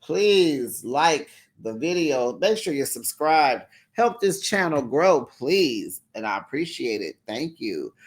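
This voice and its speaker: This is a host giving a casual spoken recap of an episode and speaking straight to the audience. The delivery is sassy and full of side remarks, and the host laughs easily along the way. The voice sits at a middle pitch. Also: sing-song, slow, breathy edge. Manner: sassy, talks straight to viewers, acts out quoted lines; laughs readily between remarks. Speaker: reality TV recap channel host.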